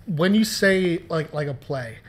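A man's voice: on the high side, expressive, unhurried. A man hosting a podcast and talking about his comics in a playful, joking, chatty way. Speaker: podcast host and comics writer. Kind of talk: casual podcast commentary.

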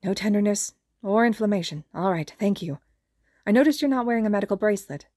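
Woman reading a calm, kind young male medic. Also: mid-range voice, no room sound, studio quality, lightly acted. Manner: calm, kind, brisk with patients. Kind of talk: podfic character reading.

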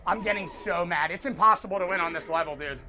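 A young man streaming a boxing game, swearing constantly and ranting to his chat with excitable shouted outbursts. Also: sits high, quick pace, a crowd in the background. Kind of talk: gaming livestream commentary.

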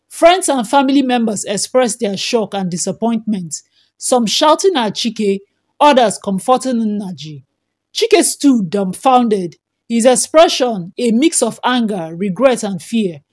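A woman narrating a folktale in an expressive, dramatic storytelling style. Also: fairly high pitch, a little slow.

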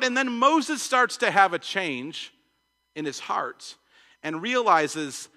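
A man preaching a sermon, animated, often repeating words and acting out the voices of the people in his story. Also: high voice, takes it slowly. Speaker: pastor. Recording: long hall reverb.

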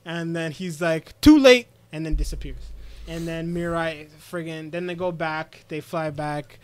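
A man with a slightly high voice talks through an anime episode for his podcast co-hosts. He tells it like a story and throws himself into the characters' lines, keeping it loose and conversational. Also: level tone, measured pace, smooth. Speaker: podcast co-host. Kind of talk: casual chat, recapping an anime episode.

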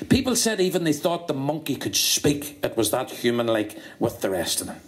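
A man's voice: mid-range voice, moderate pace. A man with a Northern Irish accent telling a long stand-up joke, acting out the characters. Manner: lively storytelling, acts out dialogue. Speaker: comedian.

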